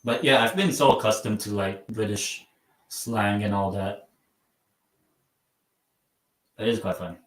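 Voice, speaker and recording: A man hosting a casual live football watchalong. He rambles and mocks himself, and his sentences often trail off quietly. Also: lowish voice, moderate pace. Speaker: live stream host. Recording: roomy sound from a mic at some distance.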